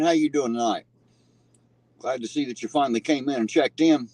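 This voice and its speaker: A man's voice: mid-range voice, fairly quick, a little mellow, no echo, poor audio. Folksy man, casual live-stream host, banters with chat between bites. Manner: folksy, joking, greets chatters by name; eats and talks between bites. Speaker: livestream host.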